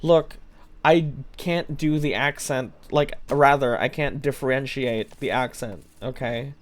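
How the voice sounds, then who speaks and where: Chatting to viewers as they play, a young adult streamer speaks in a relaxed, unhurried mid-range voice, dropping deadpan jokes and the occasional swear.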